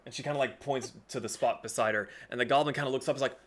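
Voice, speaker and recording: A man narrating a tabletop game as game master, in a relaxed, hedging way. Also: medium pitch, very fast.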